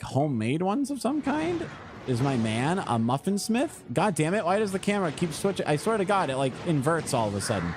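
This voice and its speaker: A man's voice: on the high side, noisy background. A man streaming a video game, rambling and joking, swearing at the game as he plays. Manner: animated, swears often, jumps between rambling asides and frustrated outbursts. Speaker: gaming streamer. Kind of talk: casual live game commentary.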